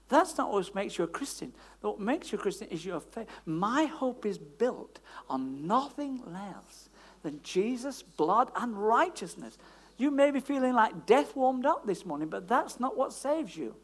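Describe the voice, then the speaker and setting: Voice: mid-range voice, normal speed, slightly rough. A preacher giving a sermon in a conversational, emphatic style, full of tag questions and asides. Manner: lively, emphatic delivery.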